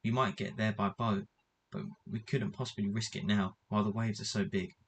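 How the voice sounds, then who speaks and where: A man reading a storybook aloud, voicing a headstrong, excited girl with high, eager exclamations. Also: fairly quick, slight background noise, natural voice. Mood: earnest.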